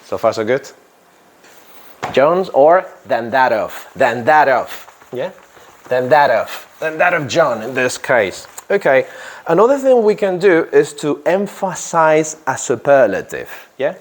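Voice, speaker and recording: A man's voice: fairly high pitch, sing-song, unhurried. A man teaching an English grammar lesson to a class, repeating phrases and checking in with "yeah?" after nearly every point.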